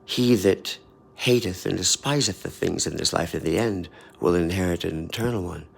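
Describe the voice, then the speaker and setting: A man voicing a mysterious male angel who needles him with trick questions, in a low, gravelly voice. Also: moderate pace, full character voice. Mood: taunting.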